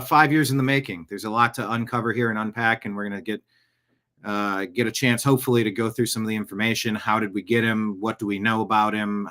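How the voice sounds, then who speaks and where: A man hosts his own podcast in a loose, off-the-cuff monologue. He wanders between topics and drops jokey asides. His voice sits at an ordinary middle pitch for a man. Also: fairly bright tone. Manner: rambling, digressive, jokey asides. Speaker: podcast host. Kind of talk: casual live-show monologue.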